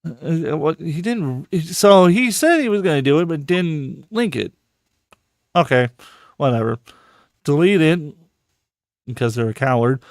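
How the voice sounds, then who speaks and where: Male podcast host, heated profane rambling delivery, crisp tone, dry sound. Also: on the high side, lively intonation, a little slow, long pauses, dry recording. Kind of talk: casual live podcast chat.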